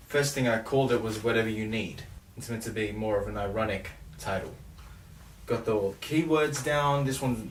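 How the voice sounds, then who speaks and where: A man's voice: medium pitch, a little hiss or hum. A young man with an Australian accent, talking casually and loosely about making his own song. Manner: relaxed, rambling, self-correcting. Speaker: songwriter and producer. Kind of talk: casual vlog talk. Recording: roomy echo, distant mic.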